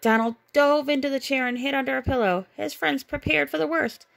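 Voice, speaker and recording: A woman's voice: high-pitched, brisk, gravelly. Woman reading a bedtime story aloud. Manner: gentle, expressive read-aloud. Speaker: storybook reader.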